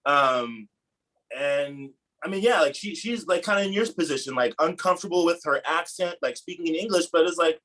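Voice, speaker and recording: A man's voice: on the high side, moderate pace, sharp tone, poor audio. A man, a real estate agent, telling a casual story on a team call in a slangy, laid-back way. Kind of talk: casual anecdote on a video call.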